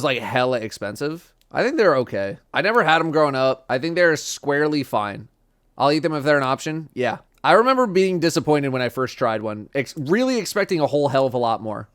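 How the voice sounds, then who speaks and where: A man streaming casual chat, blunt and profane, dropping to flat mumbles and jumping to loud outbursts. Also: on the high side.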